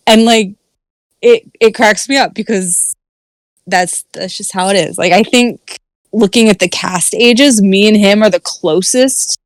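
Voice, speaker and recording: Woman panelist, mid pitch, dry close sound, bubbly and giggly. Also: dry recording. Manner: enthusiastic, laughs often, uses "like" a lot. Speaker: podcast panelist. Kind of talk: casual chat.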